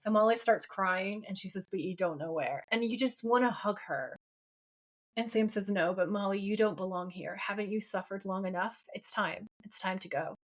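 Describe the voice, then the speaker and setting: A woman's voice: mid-range voice, fairly even intonation, moderate pace. A woman co-hosting a podcast, retelling a TV episode in casual chat, quoting lines and ranting along the way. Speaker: podcast co-host.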